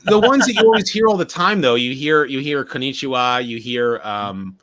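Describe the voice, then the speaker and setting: Bright-voiced man hosting a livestream. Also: mid-range voice, normal speed. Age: 40s. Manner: rambling, animated, laughs often. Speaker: livestream host. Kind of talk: casual chat.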